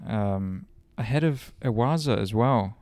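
A man's voice: fairly low pitch, a little slow, a little mellow, a little hiss or hum. A young man and racing driver co-hosting a podcast in casual, joking banter. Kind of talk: casual chat.

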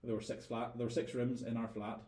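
A man's voice: mid-range voice, little pitch movement, brisk, warm tone, reverberant. A man with a Northern Irish accent, a guest telling stories in a casual interview, thoughtful and often repeating words as he gathers his thoughts. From Northern Ireland.

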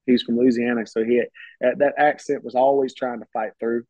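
A little fast and a little mellow, his medium-pitched voice shows little pitch movement in a dry recording. As a podcast guest he rambles casually through stories, restarting phrases frequently, and the sound is dull and slightly muffled.

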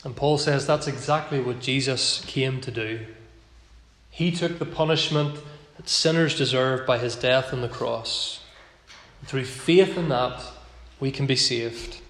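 A man preaching a sermon as pastor, earnest, slowing down to stress key phrases. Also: mid-range voice, fairly bright tone. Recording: echoey hall with long reverb.

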